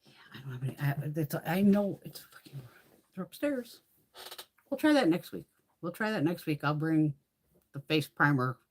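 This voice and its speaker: Chatty middle-aged lady on a makeup livestream, lowish voice that jumps all over, swears a lot. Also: moderate pace, pauses often, slightly rough. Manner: chatty, swears freely, animated storytelling. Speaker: beauty livestream host. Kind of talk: casual livestream chat.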